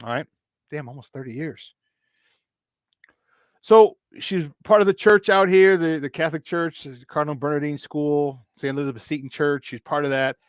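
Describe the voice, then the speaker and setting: A man's voice: on the high side, moderate pace, clean tone, no echo, studio quality. Chatty male sports radio host. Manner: animated storytelling, frequent laughter. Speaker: morning sports talk host. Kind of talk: casual radio chat.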